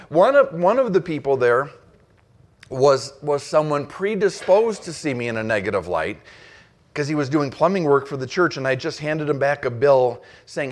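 A man's voice: a little high, big pitch swings, moderate pace. A middle-aged man preaching a sermon as pastor, earnest and storytelling, with frequent restarts and emphatic rises.

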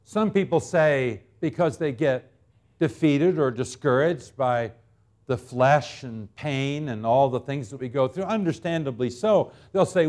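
Pastor, man, 50s, a touch high-pitched; deliberate, dramatic delivery that drops to near-quiet and surges back. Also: expressive. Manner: emphatic preaching with dramatic swings between loud and soft; drawn-out, deliberate phrasing on key words. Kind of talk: sermon.

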